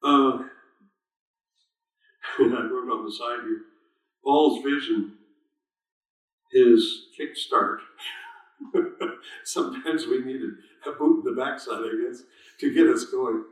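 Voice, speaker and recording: A man's voice: mid-range voice, takes it slowly, long pauses. A man leading an informal Bible study sermon, talking conversationally, quizzing his listeners and reading scripture aloud with strong stresses. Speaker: Bible teacher. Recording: very echoey room, voice far from mic.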